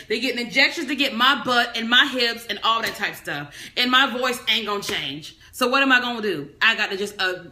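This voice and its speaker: A woman hosting a live stream, teaching and motivating in a bold, loud, animated and talkative way. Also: on the high side, reverberant. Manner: preachy motivational, talks on and on. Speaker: business coach livestream host.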